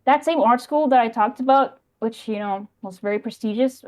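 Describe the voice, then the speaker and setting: A young adult woman calling in over a voice call, talking in a halting way that often trails off. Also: on the high side, poor audio. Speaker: caller. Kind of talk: casual call-in chat.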